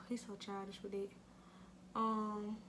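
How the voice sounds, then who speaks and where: A woman's voice: medium pitch, completely flat delivery, takes it slowly, fairly bright tone, slight background noise. A woman chatting playfully in slangy casual talk while playing a guessing game, laughing often. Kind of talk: casual chat.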